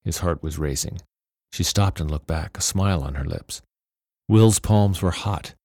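A man reading a novel aloud as narrator in a steady, measured way. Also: sits low, no echo, studio quality. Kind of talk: storybook narration.

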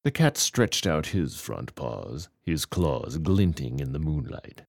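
Deep, gravelly man reading a story. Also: very animated, slow pace, no room sound. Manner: dry, wry comic delivery. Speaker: reader. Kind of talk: storybook narration.

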